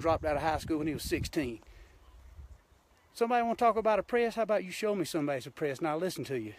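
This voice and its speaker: A man's voice: sits high, animated, rapid-fire, a little mellow. A man from Georgia with a Southern accent, a hunting show host ranting bluntly and folksily on a live stream from a mountain outdoors, filmed on a handheld phone. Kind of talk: impassioned live-stream rant.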